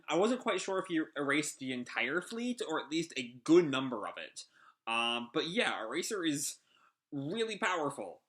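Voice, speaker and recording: A man's voice: medium pitch, bright, forceful tone. A man hosting a casual live reaction to a manga chapter, rambling with lots of fillers.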